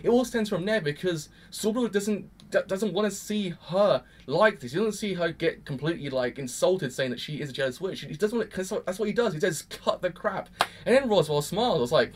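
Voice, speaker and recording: A young man talks in a loose, rambling way. His voice sits a little higher than most men's. He stresses words hard when he sounds exasperated. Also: animated, brisk, few pauses. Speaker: anime reviewer. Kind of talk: casual reaction commentary.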